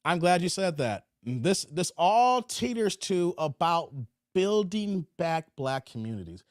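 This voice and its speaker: High-voiced man streaming commentary, dry sound. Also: sing-song, measured pace, dry recording. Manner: preachy, repeats phrases, drawls "man". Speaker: commentary channel host. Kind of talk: livestream commentary.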